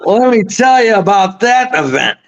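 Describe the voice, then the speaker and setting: A man's voice: high voice, very animated, moderate pace. Rambling, swearing man telling stories. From Buffalo, New York. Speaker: podcast guest. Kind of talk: casual storytelling. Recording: slightly muffled audio.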